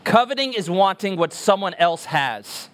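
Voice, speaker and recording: A man's voice: sits high, lively intonation, moderate pace, fairly bright tone. A man preaching a sermon as pastor, emphatic and earnest, repeating words for stress.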